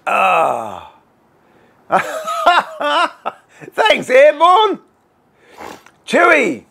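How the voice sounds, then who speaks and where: A man's voice: extremely high pitch, huge pitch swings, drawn-out words, creaky, pushed and bright. A middle-aged Australian man hosting a woodworking livestream, chatting casually, greeting viewers by name and joking about himself.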